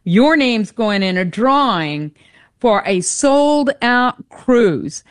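A woman co-hosting a radio pledge drive, upbeat and teasing, repeating the phone number slowly for listeners. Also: fairly high pitch, expressive, clear, resonant tone, no room sound, clean studio sound. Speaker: radio fundraiser co-host.

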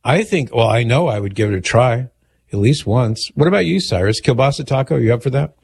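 A man hosting a call-in radio talk show, reading listener emails aloud and answering them in a measured, conversational way. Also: mid-range voice, lively intonation, gravelly, a little mellow, slightly rough.

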